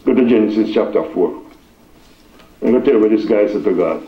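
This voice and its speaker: Chicago pastor man preaching, call and response, echoey church, kinda muffled lo-fi. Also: lowish voice. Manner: call-and-response preaching, reads scripture slowly. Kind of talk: preaching sermon. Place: church sanctuary.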